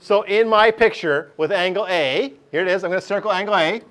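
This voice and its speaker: A man's voice: high voice, a little fast, fairly bright tone. A male teacher, giving a chatty classroom lesson and often checking in with his class.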